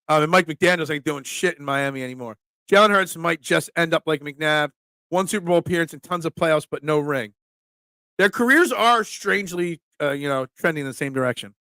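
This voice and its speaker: A man's fairly high voice comes through a little fast in a studio-quality recording with no room sound. As host of a casual sports talk live stream, he reads out viewer comments and responds with emphatic, animated takes.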